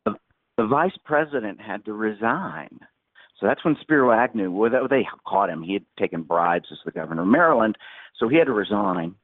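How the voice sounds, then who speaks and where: A man's voice: lowish voice, animated, a little fast, no echo. A man in his sixties, a podcast guest, telling a long story in a rambling, vivid way and acting out the quotes. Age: 60s. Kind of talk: anecdotal storytelling in a podcast interview. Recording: tinny phone-like line.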